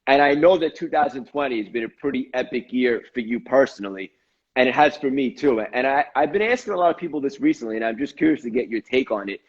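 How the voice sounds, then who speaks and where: A man's voice: medium pitch, fast, breathy edge, highs cut off. A man hosting a casual interview, upbeat and full of effusive praise for his guest. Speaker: host.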